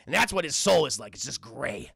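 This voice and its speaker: A man casually recapping a cartoon on a live stream, animated and constantly addressing his chat. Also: medium pitch, fairly quick, gravelly, slightly rough, dry recording, clean studio sound.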